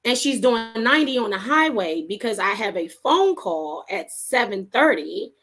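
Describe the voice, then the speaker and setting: Guesting on an interview, this female author tells her tale casually and with energy, doing voices for those she quotes and often breaking into laughter. Her pitch is somewhat high and her pace moderate.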